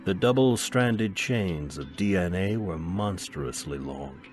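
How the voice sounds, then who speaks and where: A man reading a science fiction story aloud in a measured, grave storytelling manner. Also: sits low, expressive, a little mellow, faint music behind. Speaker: narrator.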